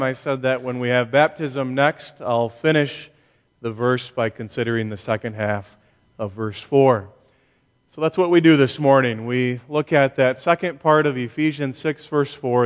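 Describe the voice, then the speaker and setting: Man preaching a measured sermon in a reverberant church. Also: medium pitch. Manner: measured, emphatic preaching with deliberate pauses. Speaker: pastor. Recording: long reverb of a church hall.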